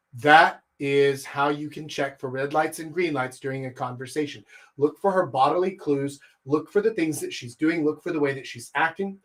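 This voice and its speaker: A man giving a livestreamed coaching lecture, talking straight to his viewers with rhetorical questions and playing with his pitch and speed to demonstrate his points. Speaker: dating coach.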